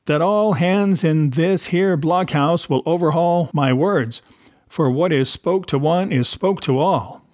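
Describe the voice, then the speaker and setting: A man voicing a one-legged old pirate cook who talks in rough sailor's dialect, wheedling and then threatening. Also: fairly high pitch, slow, darkish tone, no room sound, clean studio sound. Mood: bargaining.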